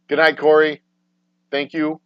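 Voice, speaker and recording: A man hosting a casual livestream talk show, swearing freely and swinging between low, mumbled asides and loud, exasperated rants. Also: clean tone, dry recording. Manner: profane, ranting, swings from mumbling to loud outbursts. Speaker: podcast host. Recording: dry, dull lo-fi sound.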